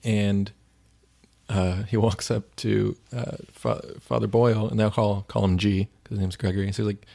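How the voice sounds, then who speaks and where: A man's voice: on the low side, level tone, moderate pace, creaky, dark tone. A man co-hosting a faith podcast, retelling stories in a rambling, casual way with lots of "like.". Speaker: podcast co-host.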